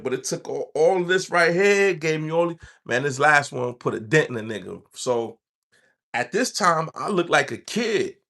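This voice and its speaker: A man's voice: medium pitch, a bit bright. A man, telling his own story in loose street slang. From New York. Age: 40s. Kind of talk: casual storytelling.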